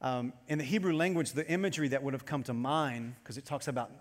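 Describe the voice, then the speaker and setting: A man preaching a sermon to his congregation as pastor, animated and storytelling as he goes. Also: medium pitch, quick pace, big-room sound.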